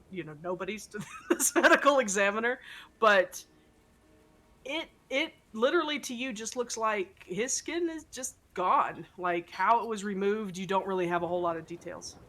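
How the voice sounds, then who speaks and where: A woman runs a tabletop horror game in a bright, forceful voice. She rambles and restarts often, with plenty of fillers as she narrates. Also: medium pitch, lively intonation, normal speed. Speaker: game master.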